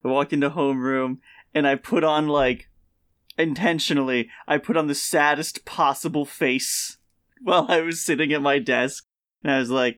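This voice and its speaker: A man's voice: a little high, steady tone, normal speed, a bit bright, clean tone. A young man co-hosting a podcast, telling school stories and laughing as he goes. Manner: laughs through his stories. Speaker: podcast co-host. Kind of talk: casual chat.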